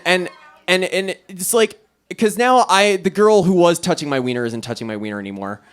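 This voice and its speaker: A man's voice: fairly high pitch, clean tone. A young man doing stand-up at an open mic, telling a long profane story and acting out the other people in it. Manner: profane, rambling, animated storytelling with quoted voices. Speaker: stand-up comic. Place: small club stage.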